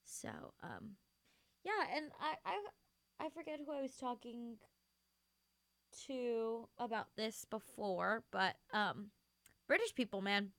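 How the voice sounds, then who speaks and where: A woman's voice: a little high, takes it slowly, vocal fry, pauses often, fairly bright tone, dry recording. A young woman hosting a radio show, chatting casually and rambling between songs while sleepy and yawning, gushing with many fillers. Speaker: radio host.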